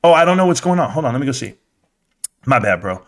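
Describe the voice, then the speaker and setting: A man's voice: mid-range voice, big pitch swings, fast talker. A man ranting casually on a live stream about stocks, profane, rambling and joking.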